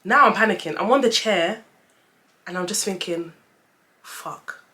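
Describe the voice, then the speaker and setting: Young woman, casual story-time vlogger, animated, talks straight to the audience. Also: mid-range voice, moderate pace. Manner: chatty, animated storytelling, addresses viewers as guys.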